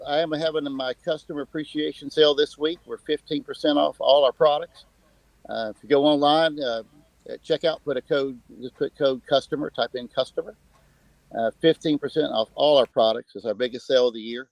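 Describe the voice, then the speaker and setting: A man gives a casual, plainspoken sales pitch with plenty of fillers. His voice is gravelly and mid-pitched, and the sound is dry and close. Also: steady tone, brisk, darkish tone, no echo, poor audio. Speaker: guest, business owner.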